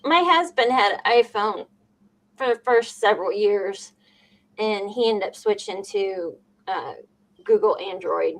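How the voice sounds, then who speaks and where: A woman from Illinois co-hosting a casual live chat, laughing easily. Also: medium pitch. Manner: laughs easily, drawn-out relaxed delivery.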